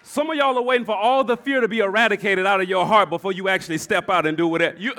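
A male pastor preaching a sermon in a church, telling a story and repeating phrases as he builds to shouts. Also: high-pitched, fairly even intonation, very fast.

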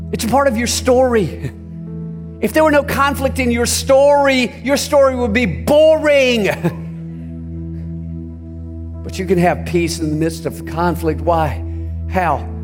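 A man preaching a sermon as pastor. He speaks emphatically, swings from soft asides to near-shouts, and talks straight to his congregation, telling them what to write down. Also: a little high. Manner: addresses the congregation directly, asking them to take notes.

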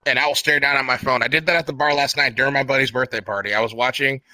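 Casting: man, podcast co-host, very bright voice, dry close mic, rambling casual chat. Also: mid-range voice, steady tone, rapid-fire, no echo. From New England. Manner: rambling, chatty, frequent fillers.

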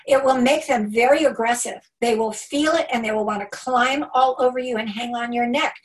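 Animated woman speaking from a distance. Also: a little high, brisk. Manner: animated, emphatic, acts out quotes. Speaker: homeschool workshop speaker. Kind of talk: live talk to parents.

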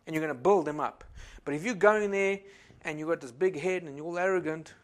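A high-pitched man from Africa preaching from the pulpit. He rises into loud, fervent exhortation, then drops to quiet, chatty asides. Amens and hallelujahs run through everything he says. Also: quick pace. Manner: swings between loud exhortation and quiet asides, peppered with amen and glory to God. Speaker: pastor. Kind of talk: sermon.

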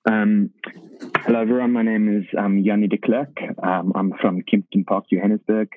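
A South African-accented man, as a young man puts the accent on, introducing himself in a halting way full of ums. His voice sits low and comes through a thin, tinny phone-like line that sounds dry and close. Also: little pitch movement, no room sound, lightly acted. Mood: sheepish. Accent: South African, put on. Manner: halting, filler-heavy self-introduction.

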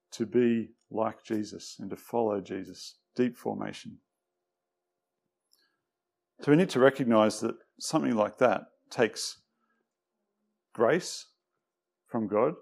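A man giving a conversational sermon with many pauses and fillers, sometimes dropping quiet. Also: on the low side, vocal fry. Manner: relaxed, hesitant, many fillers; tends to drop quiet. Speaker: preacher. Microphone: microphone.

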